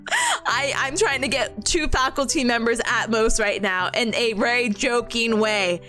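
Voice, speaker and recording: A young woman with a high, bouncy voice that swoops up and down, chatting and storytelling on a livestream. She acts out quoted voices and laughs often, with faint music playing underneath. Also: animated, measured pace, bright, forceful tone. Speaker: streamer. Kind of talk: casual chat stream.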